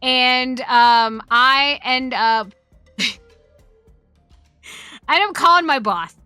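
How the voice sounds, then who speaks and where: A woman's voice: sits high, drawn-out words, bright, forceful tone, smooth, no room sound, soft background music. A woman streamer telling a story in casual chat, talking freely, swearing often and laughing as she goes.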